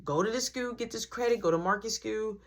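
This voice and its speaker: A man's voice: high-pitched, brisk. A man playing a strict, no-nonsense mother who scolds and bosses her sons around. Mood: stern. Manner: sharp scolding with bossy commands.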